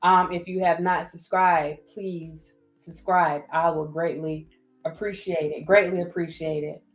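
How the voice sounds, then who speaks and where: A woman's voice: on the low side, steady tone, measured pace. A woman with a Southern US accent hosting a casual livestream, reading viewer comments and thanking people by name again and again. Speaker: livestream host. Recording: roomy echo with faint music.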